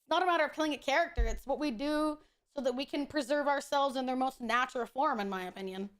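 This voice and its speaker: A woman's voice: high-pitched, fast. A woman streamer chatting casually while gaming, blunt, profane and opinionated. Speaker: VTuber streamer.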